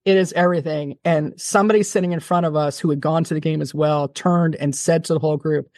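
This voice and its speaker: A woman guest on an interview podcast, telling a long story in an animated, fast-talking way, often restarting her sentences. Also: low-pitched, no echo, clean studio sound. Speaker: television producer, guest.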